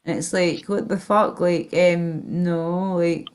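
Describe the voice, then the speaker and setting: A woman's voice: fairly low pitch, steady tone, takes it slowly, darkish tone, clear, resonant tone. A Northern Irish woman hosting a casual livestream chat, rambling and swearing, with lots of fillers and trailing-off sentences. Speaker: stream host.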